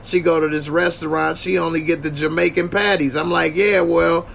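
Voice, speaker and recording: Male host, slightly high and gravelly, slangy and joking. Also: steady tone, brisk, a bit bright, a little hiss or hum. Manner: joking, slangy, thanks viewers. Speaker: podcast host. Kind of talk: casual livestream chat.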